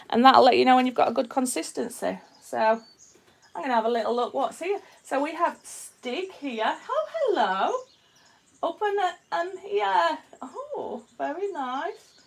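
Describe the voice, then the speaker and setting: On a live stream, a Yorkshire-born resin artist talks casually with her audience as she demonstrates her work, greeting people and reading out what they comment. Her voice is on the high side and gravelly, with a Yorkshire accent tinged by a slight Australian twang.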